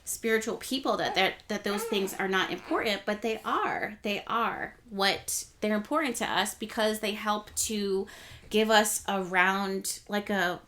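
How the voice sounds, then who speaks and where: A young woman hosts an astrology channel, speaking a little slowly to camera with a slight hiss or hum in the audio. She casually rambles through the week's transits, correcting herself along the way, and speeds up and rises in pitch when excited.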